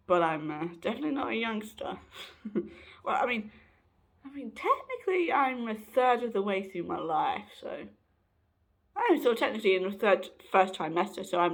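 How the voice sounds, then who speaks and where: A man's voice: high-pitched, gravelly, fairly bright tone. Upbeat trans man vlogging. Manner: chatty, upbeat pep talk with jokes. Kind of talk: casual talk to camera.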